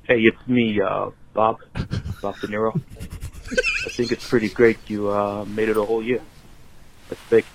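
A man doing a celebrity impression in a voicemail, speaking low and halting as a gruff older star praising the hosts. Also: level tone, slight background noise, close to an everyday voice, poor audio. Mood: gruff praise. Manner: low, slow, halting with ums. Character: gruff older male movie-star caller, gently praising.

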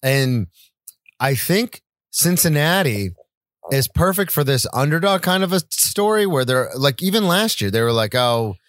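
A young man co-hosting a casual sports podcast, talking in a relaxed, rambling, agreeable way. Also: a little high, measured pace, no room sound, clean studio sound. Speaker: podcast co-host.

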